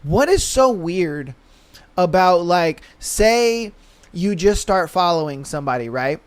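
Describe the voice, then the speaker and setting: Young man hosting a podcast: high, smooth voice, laid-back slang, quick to laugh, dry close sound. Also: lively intonation, dry recording. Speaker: podcast host. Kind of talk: casual solo podcast commentary.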